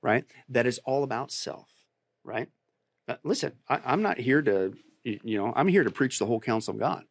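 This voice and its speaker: A pastor in a talk interview, a man who speaks emphatically and climbs to forceful, insistent peaks. His voice sits at a middling pitch. The sound is dry and close. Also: expressive, normal speed, creaky, dry recording. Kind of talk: preaching on a podcast interview.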